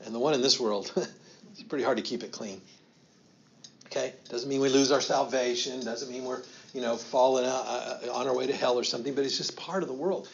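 A man preaching a sermon, telling the story in an animated way with slow, emphatic phrases and quiet asides. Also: medium pitch, gravelly, dull audio, slight background noise. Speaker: pastor.

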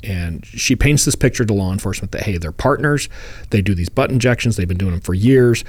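A man's voice: fairly low pitch, animated, brisk, a little mellow, breathy edge. A man co-hosting a true crime podcast, telling the case in a casual, storytelling way and chuckling often. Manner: storytelling, acts out quotes in funny voices. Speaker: podcast co-host.

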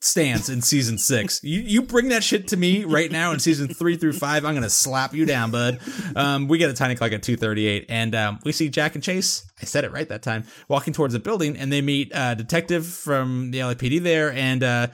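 A man with a middle-pitched voice hosts a casual podcast, recapping an episode in a loose, chatty way. He leans on "um" and "like" as he strings the story together and keeps the others in line. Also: expressive, a little fast, hardly any pauses, a bit bright. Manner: chatty, filler-heavy storytelling.

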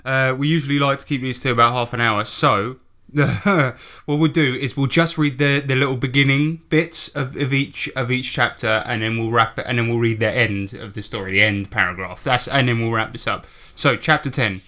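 A man's voice: medium pitch, steady tone, moderate pace, sharp tone. A man co-hosting a podcast, reading a bad story aloud and mocking it with frequent laughter. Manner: laughing often, mocking and incredulous. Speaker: podcast co-host. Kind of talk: comedic reading and commentary.

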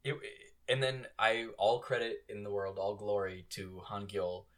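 A man co-hosting a casual show recap podcast, expressive and acting out quotes with dramatic flair. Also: fairly low pitch, a little slow. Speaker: podcast co-host.

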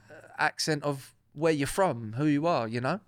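A man's voice: a little high, moderate pace, no echo, clean studio sound. A young man, chatting casually and laddishly as a podcast co-host. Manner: chatty, laddish, swears freely. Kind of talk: casual banter, reading gossip news aloud.

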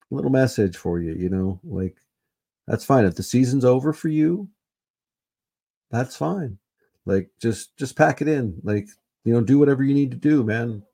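Low, mellow-voiced man ranting casually. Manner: rambling, profane, repeats himself, frequent fillers. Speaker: podcast host. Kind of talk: casual solo sports podcast rant.

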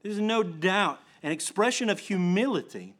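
A man's voice: high-pitched, lively intonation, moderate pace, a bit bright. A man pastor preaching an earnest sermon, often restarting phrases and building to emphatic swells.

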